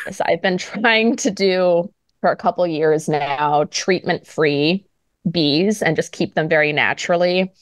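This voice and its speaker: Guest author, woman, lower voice, chatty and giggly, close dry mic. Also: no room sound. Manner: chatty, laughs often, lots of "like". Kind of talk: casual podcast chat.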